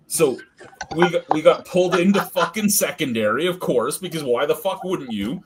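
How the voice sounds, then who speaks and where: A man's voice: on the high side, animated, moderate pace, a little hiss or hum. A man hosting a beer review stream, telling an anecdote and swearing freely. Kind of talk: casual profane storytelling.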